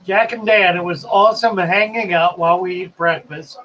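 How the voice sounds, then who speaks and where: A man's voice: high-pitched, steady tone, normal speed, dull audio. A man hosting a live stream in a casual, chatty way, reading viewer comments aloud and musing as he goes.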